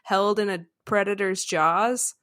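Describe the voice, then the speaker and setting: A woman's voice: mid-range voice, fairly even intonation, takes it slowly, fairly bright tone, clean tone. A woman co-hosting a podcast in casual chat, wry and chatty. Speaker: podcast co-host.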